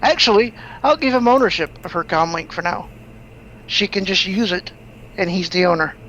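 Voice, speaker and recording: Woman gamer on voice chat, brisk and matter of fact, dull muffled mic with a bit of hiss. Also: lowish voice, a bit bright. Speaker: player. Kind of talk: tabletop role-play session over voice chat. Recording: dull lo-fi mic with faint noise.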